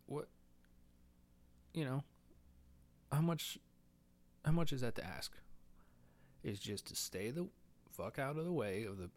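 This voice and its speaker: A young man hosting a solo podcast, rambling crude and profane, nervous and a bit short of breath, laughing at his own jokes. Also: fairly low pitch. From United States. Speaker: podcast host. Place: indoors, talking alone into a mic.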